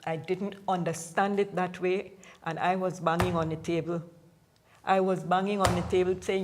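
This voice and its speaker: A woman's voice: lowish voice, normal speed, a little hiss or hum. A woman guest on a talk show, explaining a point emphatically and often repeating herself.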